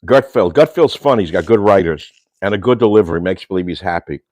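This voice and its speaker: A man's voice: deep voice, animated, fast, a little mellow, no echo, studio quality. An older man hosting a casual livestream monologue from his home kitchen, rambling and ranting with insults and Yiddish slang. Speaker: host.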